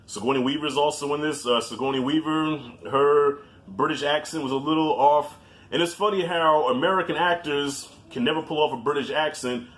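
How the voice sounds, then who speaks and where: A man's voice: medium pitch, a bit bright. A man in his forties giving a blunt, joking, profane movie review as a guest in casual chat. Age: 40s.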